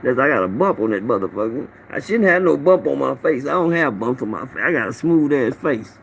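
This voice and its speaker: Talking into his phone on a laid-back livestream, a middle-aged host calls out viewers by name and spins rambling, foul-mouthed stories. He sounds gravelly and animated, medium-pitched and fairly quick, with slight background noise.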